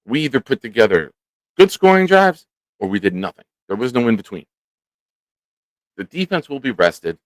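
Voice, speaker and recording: A man hosting a casual live stream, animated and chatting with viewers by name. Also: mid-range voice, moderate pace, pauses often, dry recording. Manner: animated, talks to chat by name. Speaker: show host. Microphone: studio microphone.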